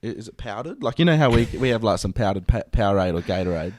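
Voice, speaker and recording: Aussie bloke cohosting a podcast, lowish voice, dry sound. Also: male voice, lively intonation, quick pace, a little mellow, no room sound. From Australia. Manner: storytelling, laid-back. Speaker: podcast co-host. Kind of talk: casual chat.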